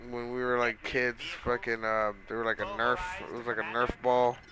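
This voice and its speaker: A man's voice: mid-range voice, monotone, normal speed, a crowd in the background, rough recording. A man casually telling a long story while playing a video game, rambling with lots of swearing and fillers. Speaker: gaming streamer.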